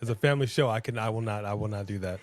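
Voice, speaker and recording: A man's voice: fairly low pitch, racing, dry recording. A man co-hosting a live wrestling watch-along stream, chatting casually, joking and laughing often.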